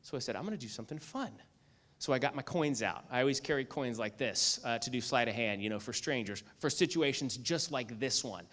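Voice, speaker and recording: Bright, animated male keynote speaker. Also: mid-range voice, fairly quick, hardly any pauses. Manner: animated storyteller, acts out lines, asks "okay?" and "right?" often. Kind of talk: motivational keynote speech with a story.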